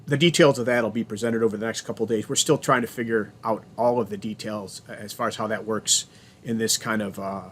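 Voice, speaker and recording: A man's voice: lowish voice, steady tone, fairly quick, a little hiss or hum. A man giving a remote college lecture over a video call, chatty, often restarting his sentences and telling corny jokes.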